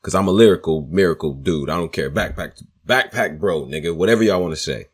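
A man's voice: deep voice, a little fast, breathy edge. A man co-hosting a casual chat about battle rap, laid-back and opinionated, talking in slang.

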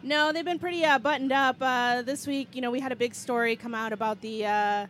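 A woman with a slightly high voice chats as a guest reporter on a pregame show outdoors at a stadium. She weighs her answers casually and hedges her predictions. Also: steady tone, fairly quick, a bit bright, slight background noise. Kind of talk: casual chat.

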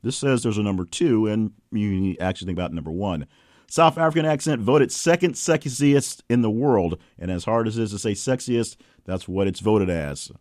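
A man's voice: on the low side, moderate pace, darkish tone, no echo, clean studio sound. A male podcast host reading news headlines and adding wry, playful asides. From Southern US.

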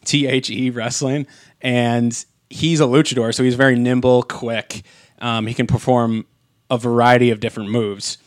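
A man talking casually on a podcast, circling back and restarting his sentences with plenty of fillers. His voice sits at an ordinary pitch for a man. The close mic gives a dry, dead sound. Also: level tone, moderate pace, no echo. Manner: rambling, many fillers and restarts. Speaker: podcast co-host. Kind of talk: casual chat.

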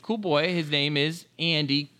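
A man's voice: on the high side, steady tone, unhurried, pushed and bright, smooth. A man co-hosting a comedy podcast, rambling and crude in casual chat. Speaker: podcast co-host.

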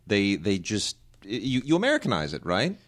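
Lower-voiced animated male podcast host. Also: normal speed. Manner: animated storyteller, repeats words, mimics pronunciations. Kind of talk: casual chat.

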